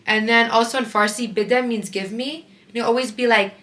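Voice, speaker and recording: A woman's voice: a little high, steady tone, fast, hardly any pauses, a bit bright. Chatty young woman vlogging at home. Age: 20s. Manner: chatty, lots of "like", talks to viewers as "guys". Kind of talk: casual vlog chat.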